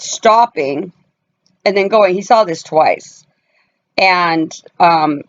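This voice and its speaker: A woman tells a personal story straight to her viewers, casual and emphatic. She hammers her points home and slips into other people's voices as she quotes them. The sound is somewhat dull and lo-fi. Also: on the low side. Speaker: family vlogger.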